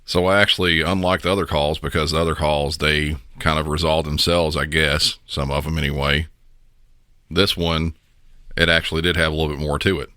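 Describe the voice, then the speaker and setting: A man's voice: rumbling low, pushed and bright, clear, resonant tone, no room sound, studio quality. A man hosting a podcast, giving blunt, opinionated commentary on recorded emergency calls. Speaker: podcast host.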